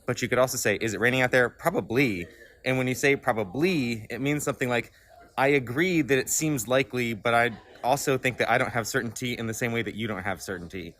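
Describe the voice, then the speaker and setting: Male academic interviewed at a conference, mid pitch, casual explainer, faint hubbub behind. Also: quick pace, a little hiss or hum. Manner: relaxed, explanatory, with fillers. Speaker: linguistics researcher. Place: busy conference venue.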